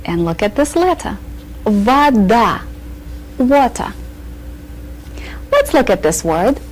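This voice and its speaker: A woman teaching a beginners' language lesson, patiently repeating each word clearly for learners. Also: on the high side, sing-song, a little slow, darkish tone, a little hiss or hum, poor audio. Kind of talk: slow, deliberate language lesson.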